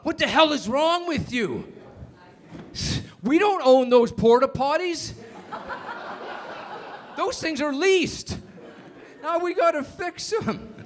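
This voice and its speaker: A man doing a yelling, furious company boss. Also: extremely high pitch, lively intonation, slow pace, long pauses, voice pushed up, full character voice. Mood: angry. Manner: yelling, indignant. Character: furious male oil company executive.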